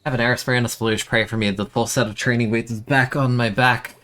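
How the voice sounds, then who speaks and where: A young man streaming a game, complaining in an exasperated, self-mocking way, with sudden high-pitched outbursts. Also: fairly even intonation, fast, a bit bright. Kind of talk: casual live-stream commentary.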